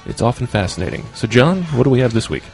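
Chatty male radio co-host, lively pitch. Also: fast, vocal fry, faint music behind. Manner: chatty, introduces segments. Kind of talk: casual radio banter.

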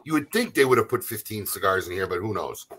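A man's voice: on the low side, lively intonation, quick pace, fairly bright tone. A man hosting a radio talk show, chatting casually and laughing easily. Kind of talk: casual chat.

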